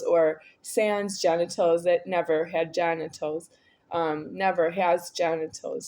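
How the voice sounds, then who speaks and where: Slow-talking woman in a rambling monologue. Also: fairly low pitch. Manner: rambling, repetitive, swings between quiet and raised. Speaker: video creator. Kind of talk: rambling solo monologue to camera.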